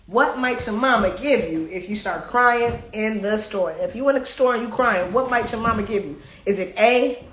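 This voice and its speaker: A woman's voice: a little high, normal speed, fairly bright tone, slight background noise. A woman hosting a live card game, reading questions aloud in a playful way and singing bits of songs. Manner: playful, sings song snippets, reads cards aloud. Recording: echoey room.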